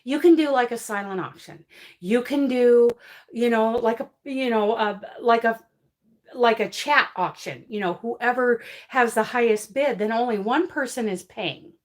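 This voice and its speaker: Emotional woman host, slow and emphatic. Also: on the high side. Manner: emphatic, apologetic, emotional, laughs often; reads and answers viewer comments. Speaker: crochet livestream host. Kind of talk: casual livestream chat.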